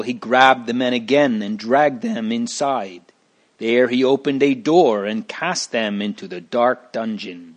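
Casting: male narrator, unhurried, measured storybook reading, middle pitch. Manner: slow, deliberate reading.

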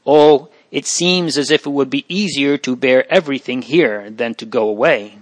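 A man's voice: mid-range voice, normal speed, no echo, close to an everyday voice, rough recording. A man voicing a frightened, tearful young girl in an audiobook reading, speaking in earnest, distressed pleas.

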